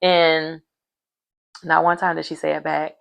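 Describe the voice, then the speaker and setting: A woman's voice: low-pitched, flat delivery, measured pace, vocal fry, low-quality recording. A woman casually recapping a reality dating show, chatty and full of fillers, retelling scenes through quoted dialogue.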